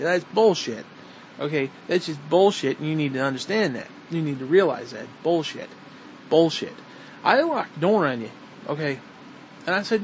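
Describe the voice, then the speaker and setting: A man delivering an angry, profane, repetitive rant straight at the listener. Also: sits high. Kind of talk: ranting monologue to the camera. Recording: dull lo-fi recording with faint noise.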